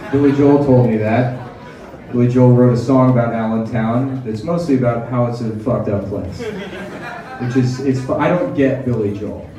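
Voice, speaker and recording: A man's voice: mid-range voice, recorded from a distance. Man doing crude stand-up in echoey club. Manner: crude sarcastic riffing, mocking voices. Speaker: stand-up comedian. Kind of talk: stand-up set.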